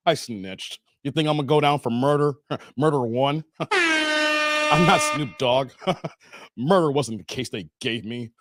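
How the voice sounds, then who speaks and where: Speaking slowly with long pauses, this man in his forties has a medium-pitched, fairly bright voice, and a little background noise can be heard. He's a livestream host from the Chicago area of the United States, keeping things casual with slang, emphasis, jokes, and frequent laughs.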